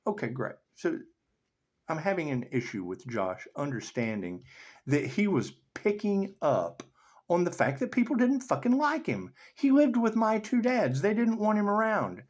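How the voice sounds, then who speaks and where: A man giving a rambling spiritual monologue as a tarot reader, swearing constantly, laughing often and swinging between loud outbursts and low mutters. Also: very animated, a little slow, highs cut off.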